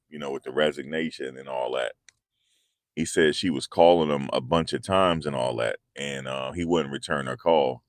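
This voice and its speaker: A commentary channel host speaks in a rumbling low voice, captured with clean, dry studio sound. He keeps things casual, slangy, loose and repetitive.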